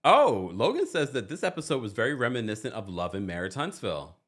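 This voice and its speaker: A man hosting a reality TV recap livestream, chatting casually, reading viewer comments and laughing often. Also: fast. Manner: animated, laughs often, jumps into high squeals. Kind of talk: casual livestream chat reading super chats.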